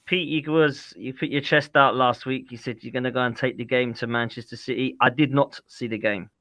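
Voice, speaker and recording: A man's voice: medium pitch, steady tone, a little fast, sharp tone, no room sound. A man hosting a football podcast, laid-back and teasing in casual banter. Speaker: podcast host.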